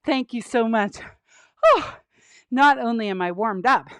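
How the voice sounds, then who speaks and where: A woman hosting a children's show, warm and encouraging as she cheers on the young viewers. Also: a little high, expressive, takes it slowly, no room sound. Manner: warm, encouraging, upbeat with kids. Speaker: children's entertainer host.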